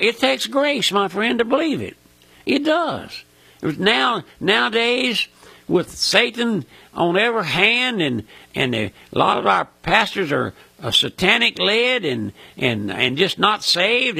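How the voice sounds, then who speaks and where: An older man preaching with a Mississippi Southern drawl, folksy and fervent. His gravelly, husky voice swings high and low and sounds bright and forceful. The sound is close and dry. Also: no echo. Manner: folksy, fervent, repeats "my friend" and "listen". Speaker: radio preacher. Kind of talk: radio sermon.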